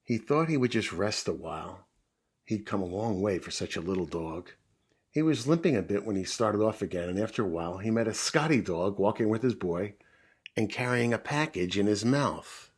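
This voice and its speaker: A man reading a picture book aloud to children as a calm, friendly storyteller. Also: on the low side, moderate pace, husky.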